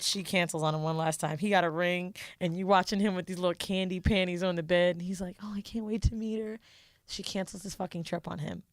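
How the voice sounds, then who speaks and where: A woman's voice: lowish voice, no room sound, clean studio sound. A young woman co-hosting a podcast, retelling a reality show with lots of swearing and acted-out quotes in casual chat. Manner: animated storyteller, swears freely, acts out quotes. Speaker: podcast co-host.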